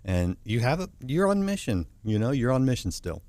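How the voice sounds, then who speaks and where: A man hosts a talk show interview at an even middle pitch. He affirms his guest, laughs easily and often repeats his words. The studio sound is dry and close. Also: normal speed, no room sound. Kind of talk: interview chat.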